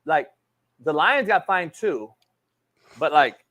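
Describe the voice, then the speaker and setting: A man's voice: on the high side, big pitch swings, slow, a bit bright. A man hosting a sports talk show, ranting profanely and calling people homie. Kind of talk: heated sports debate.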